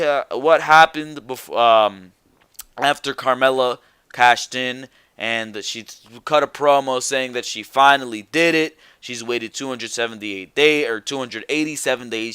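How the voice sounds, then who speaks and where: A man's voice: mid-range voice, pushed and bright, clean tone, no echo. A young man reviewing a wrestling show alone, ranting bluntly and swearing freely as he gives his opinions.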